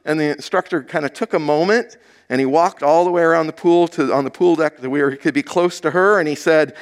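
Man preaching a lively sermon. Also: on the high side, a little fast. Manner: storytelling with lively acted quotes. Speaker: pastor.

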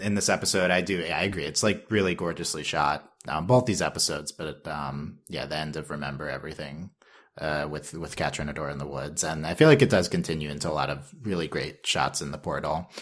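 Deep-voiced man rambling on a podcast. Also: a little fast, a bit bright, slightly rough. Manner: rambling, self-correcting, laughs often. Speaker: podcast co-host. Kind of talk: casual chat.

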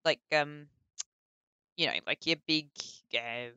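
A woman with an Australian accent, a voice actor chatting casually in an interview, full of likes and ums and quick laughs. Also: low-pitched, pushed and bright, clean tone, no room sound, highs cut off. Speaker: voice actor guest.

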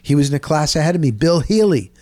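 A middle-aged man, telling a rambling story in casual chat, dropping "boom" into his sentences. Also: fast, dry recording. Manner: animated, punctuates with "boom". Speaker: sports radio co-host.

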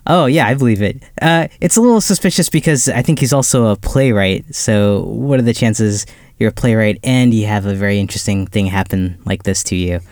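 Low-voiced man co-hosting a podcast. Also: darkish tone, dry recording, clean studio sound. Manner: easygoing, quick to laugh, agreeable. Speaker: podcast co-host. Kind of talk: casual film review chat.

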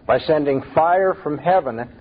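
Emphatic male preacher, husky voice. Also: a little high, unhurried, muffled recording. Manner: emphatic, rhetorical questions. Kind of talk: sermon.

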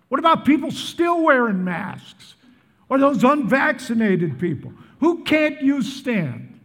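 A man's voice: very high voice, big pitch swings, takes it slowly, fairly bright tone, big-room sound. A man in his seventies from the Midwest, preaching a sermon to a large church and asking the crowd questions again and again. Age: 70s. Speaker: pastor. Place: large church in northern Colorado.

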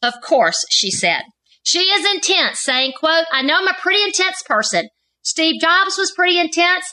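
A woman with a high, bright voice reads a prepared introduction for a podcast guest. She lands each trait in the list with deliberate emphasis. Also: very animated, poor audio. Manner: measured, emphatic reading of lists of traits. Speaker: co-host. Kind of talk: scripted narrated introduction.

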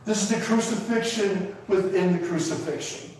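A man's voice: high-pitched, normal speed, darkish tone, slight background noise. A man preaching a sermon with emotion, repeating and building his points with emphasis. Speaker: pastor. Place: church sanctuary. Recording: echoey hall from far off.

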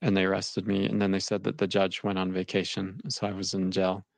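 Young man, low and gravelly, halting and shaken delivery, dry recording. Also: completely flat delivery, dry recording. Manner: halting, repeats words, shaken. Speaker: interviewee recounting his experience. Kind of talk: emotional personal account.

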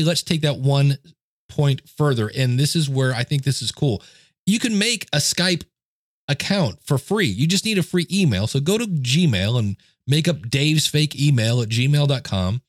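A man's voice: fairly high pitch, no echo. A man hosting a podcast, giving casual how-to advice on audio gear in a chatty, self-deprecating way, talking close into a studio microphone at his desk. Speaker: podcast host. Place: home desk setup. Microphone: dynamic studio mic, close.

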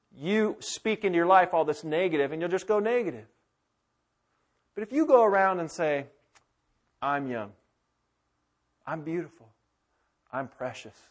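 Impassioned preacher, man, higher voice. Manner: impassioned preaching, swinging from loud urgency to hushed intimacy. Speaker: pastor. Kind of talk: sermon. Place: church sanctuary with congregation.

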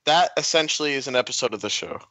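A man's voice: medium pitch, expressive, quick pace, sharp tone, no room sound. A man co-hosting a comedy podcast, bantering loosely and making jokes. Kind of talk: casual chat.

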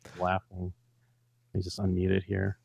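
A man's voice: deep voice, completely flat delivery, moderate pace, creaky, heavy background noise. A man co-hosting a podcast, retelling events in a loose casual chat full of fillers. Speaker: podcast co-host.

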